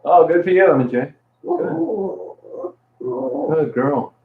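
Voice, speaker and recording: A man's voice: on the high side, wildly swooping pitch, extremely slow, a little hiss or hum. A man on a casual live stream, cooing fondly and repeating pet talk to his dog between greetings to viewers. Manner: coos over and over in fond pet talk. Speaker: vlogger talking to his dog. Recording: tinny phone-like audio in an echoey room.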